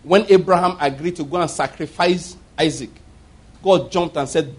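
A man's voice: a little high, normal speed, slightly rough. A middle-aged man preaching a sermon, telling stories with emphatic repetition. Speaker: pastor.

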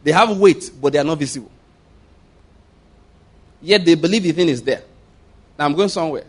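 A man preaching a sermon, reading scripture slowly and stressing key words, often checking that his listeners follow. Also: a little high, slightly rough. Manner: asks listeners to follow along.

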